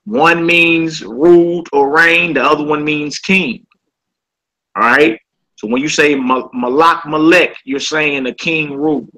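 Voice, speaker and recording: A man's voice: a little high, steady tone, unhurried, sharp tone, poor audio. A man teaching a casual Hebrew vocabulary class. He often checks in with "all right?" and repeats each word.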